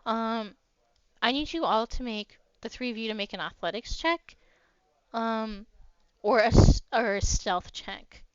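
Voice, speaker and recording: A woman's voice: on the high side, a little slow, clear, resonant tone, no echo. A young woman narrating as game master of a tabletop game, rambling with lots of fillers. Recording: dry, dull lo-fi mic.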